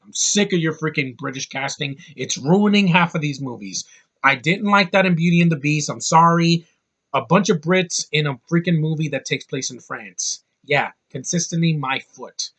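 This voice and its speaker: A man's voice: on the high side, moderate pace, a bit bright. A man giving an angry, profane film review, full of sarcastic asides. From United States. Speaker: movie reviewer.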